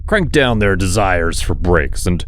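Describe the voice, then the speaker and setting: A man's voice: low voice, big pitch swings, measured pace, fairly bright tone, slight background noise, heavily acted. A vain alien ruler who barks orders and sulks, his voice swinging widely up and down , as a man plays him. He sounds commanding and easily irritated. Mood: weary scheming. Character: vain scheming male alien leader.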